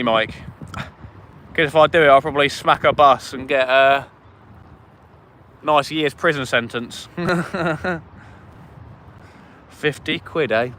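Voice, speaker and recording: A man's voice: a little high, slow pace, pauses often, sharp tone, a little hiss or hum. A man, hosting a fishing livestream and chatting casually with viewers, eager and thankful. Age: 20s. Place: outdoors by a river at night.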